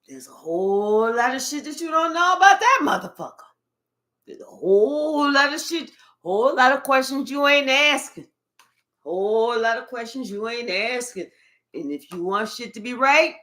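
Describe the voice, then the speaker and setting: Slow, bright-voiced woman reading tarot. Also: high voice. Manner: animated, drawling, sassy, talks to spirit and viewers. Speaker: tarot reader. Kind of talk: live tarot reading, casual chat.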